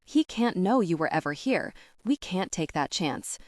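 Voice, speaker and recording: A woman's voice: fairly low pitch, big pitch swings, normal speed, no echo, studio quality. A woman reading the lines of a protective young male fiancé in a firm, grumbling way.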